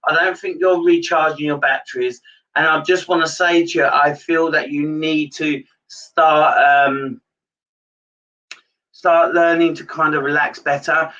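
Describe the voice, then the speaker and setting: A man's voice: fairly high pitch, steady tone, measured pace, pushed and bright. A man giving a live-streamed psychic reading, rambling and repeating himself with many hesitations. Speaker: psychic medium. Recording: dull lo-fi sound from a distance.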